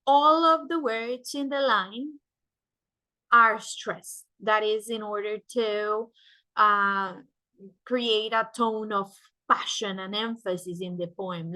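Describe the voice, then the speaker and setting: A woman's voice: on the high side, pushed and bright. A woman, a native Spanish speaker, giving a classroom lecture and explaining step by step, often asking "right?" to check understanding. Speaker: teacher.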